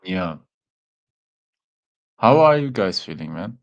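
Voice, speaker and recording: Over dull audio, a man with a low voice takes his time as he hosts a laid-back live watchalong. German by birth and accent, he chats easily with his viewers, sprinkling in fillers like "man".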